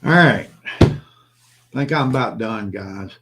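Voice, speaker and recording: This prepper channel host, an older man, speaks slowly in a fairly low, expressive voice, with background noise audible. In his impassioned solo vlog monologue he lectures his viewers bluntly and keeps repeating himself.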